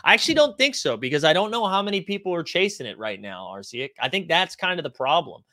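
A man's voice: on the high side, big pitch swings, quick pace, sharp tone, dry recording, studio quality. A man hosting a casual stream, reading viewer comments aloud in a loose, conversational way, full of likes and ums. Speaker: stream host.

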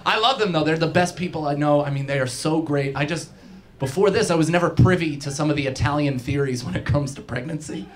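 Laughing, animated male stand-up storyteller. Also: on the high side, fairly quick, some chatter behind. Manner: animated, laughing, mock-outraged impressions. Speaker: stand-up comedian. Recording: clip with noisy live ambience.

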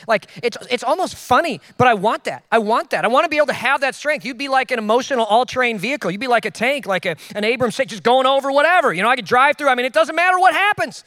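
High-voiced, joking pastor preaching. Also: male voice, animated, bright, forceful tone, no room sound, clean studio sound. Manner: casual, joking preaching with quick asides. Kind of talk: sermon. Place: church.

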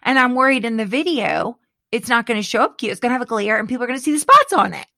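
A middle-aged woman in casual chat, animated and dramatic, laughing often. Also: on the high side, quick pace, gravelly, dry recording, studio quality.

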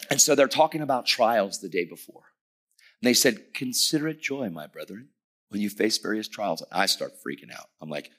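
A middle-aged man preaching a lively sermon, telling stories animatedly and shouting at the peaks. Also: fairly low pitch, moderate pace.

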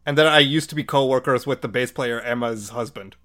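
A man's voice: medium pitch, brisk, fairly bright tone. A man chatting as a guest on a comics podcast, jokey and rambling, laughing often. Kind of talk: casual chat.

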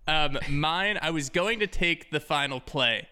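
Bright, crisp-voiced podcast man. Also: fairly high pitch, a little slow. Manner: relaxed, easygoing, laughs and fills with "um". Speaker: podcast co-host. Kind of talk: casual chat.

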